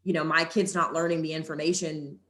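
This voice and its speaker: A woman's voice: deep voice, a little fast. A young woman from Texas, a sports reporter, speaking frankly as a podcast guest with lots of "like". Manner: animated, frank, many "like" fillers. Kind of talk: casual conversational interview.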